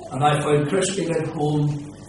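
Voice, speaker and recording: A man's voice: on the high side, measured pace. An older pastor giving his personal testimony in earnest, emphatic storytelling, his voice rising on the key moments. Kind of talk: personal testimony before a congregation. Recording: echoey hall, distant mic, steady noise.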